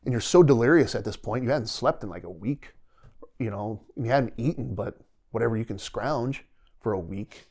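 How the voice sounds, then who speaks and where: A middle-aged man with a mid-range, slightly mellow voice speaks at a moderate pace. He's a retired soldier guesting on a podcast, telling stories in a rambling, vivid way and often voicing his own thoughts aloud as quotes. It's a casual storytelling interview.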